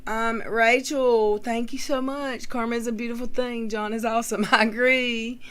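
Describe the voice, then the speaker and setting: A woman's voice: on the high side, steady tone, normal speed, fairly bright tone. A woman hosting a casual livestream, chatting and reading out viewer names. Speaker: YouTube livestream host. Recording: faint background noise.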